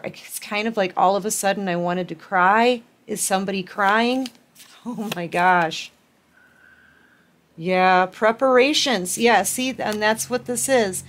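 A woman giving a collective tarot reading, gushing and excitable, speaking warmly and directly to her viewers with frequent laughs. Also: medium pitch. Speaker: tarot reader.

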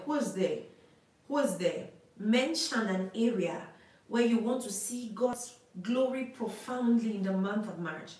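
A woman's voice: mid-range voice, very echoey, distant mic, rough recording. A woman preacher giving prophecy in a live prayer session, declaring, repeating phrases and praying over callers.

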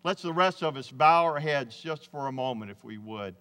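A man's voice: mid-range voice, lively intonation, moderate pace, a bit bright, smooth, in a large hall. A man preaching a sermon as pastor, with a folksy, emphatic delivery that keeps coming back to the word "man". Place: church sanctuary.

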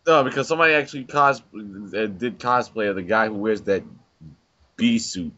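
A man's voice: on the low side, moderate pace, sharp tone. A man on a voice call telling rambling stories, full of restarts and fillers, laughing as he goes. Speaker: friend on the call. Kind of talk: casual chat. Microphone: computer mic on a voice call. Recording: dull lo-fi voice chat recording.

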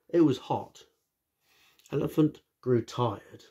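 A man's voice: medium pitch, normal speed, darkish tone, breathy edge. A man, a teacher, reading a children's story aloud with friendly, chatty asides to young listeners.

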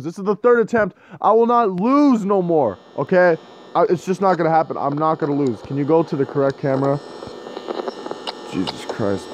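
A man's voice: fairly high pitch, a little hiss or hum, poor audio. Cursing, easily riled young-sounding gamer man. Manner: profane, frustrated, shouting at the game. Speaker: gaming video host. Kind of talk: casual gameplay commentary.

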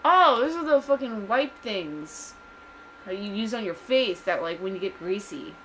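A woman's voice: mid-range voice, expressive, measured pace, a bit bright, slight background noise. Foul-mouthed young woman gaming. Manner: profane, outspoken. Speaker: let's play host. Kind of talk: casual gameplay commentary.

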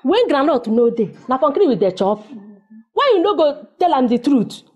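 An actress speaking Nigerian Pidgin, playing a blunt, sharp-tongued village mother. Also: sits high, big pitch swings, normal speed, highs cut off. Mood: scolding. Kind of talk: comedic film acting.

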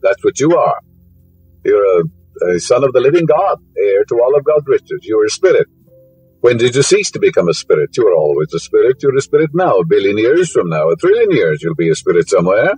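A man's voice: lowish voice, very animated, fairly quick, darkish tone, faint music behind, rough recording. A man giving a spiritual lecture, full of fillers, whose voice rises sharply on key words. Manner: rambling, fillers, rising emphasis on key words.

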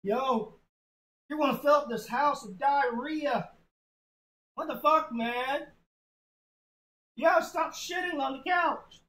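A narrator putting on a panicky young guy who yells everything in loud slang, pitched high above the telling voice. He sounds frantic and excitable. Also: takes it slowly, pauses often, reverberant. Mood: alarmed.

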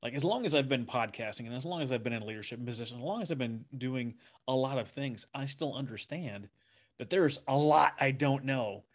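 A man hosts a podcast in a mid-range voice. He is relaxed and conversational, sharing stories casually and chuckling along with his guest. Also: medium pitch, fairly quick. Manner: relaxed, chatty, laughs easily. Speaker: podcast host. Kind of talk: casual interview talk.

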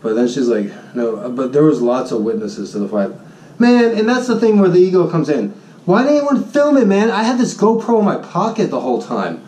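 Guy teacher ranting a story, kinda high voice, mellow tone, echoey room, a bit far off from the mic. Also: big pitch swings, a little fast. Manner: boastful, jokey, acts out his own shouting in high pitch. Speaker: high school Spanish teacher. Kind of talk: animated storytelling vlog. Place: Honolulu.

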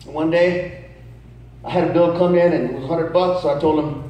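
A man preaching a humorous sermon to a youth crowd, telling family stories with lively call-and-response asides. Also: on the high side, fairly quick. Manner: animated, storytelling, calls to the crowd. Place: large church hall. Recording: very echoey hall, distant mic.

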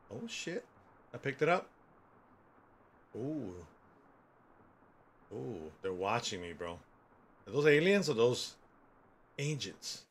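Man, forties, gaming streamer: joking, swearing, very lively delivery. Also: medium pitch, slow pace, pauses often. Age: 40s. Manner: joking, loud and swearing, talks to characters on screen. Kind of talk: gameplay commentary.

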